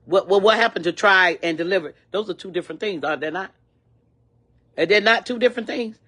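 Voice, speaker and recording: A woman's voice: mid-range voice, fairly quick, pushed and bright. Older woman, indignant, repetitive, preachy, complaint vlog rant. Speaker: vlogger.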